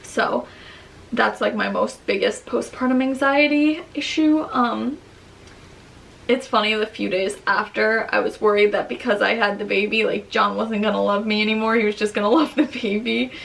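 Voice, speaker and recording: Rambling young woman with a gravelly edge. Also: mid-range voice, fairly even intonation, normal speed, fairly bright tone. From Long Island, New York. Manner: rambling and candid, many fillers like "um" and "like". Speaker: vlogger, new mother. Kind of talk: casual chat. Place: at home near her baby's crib.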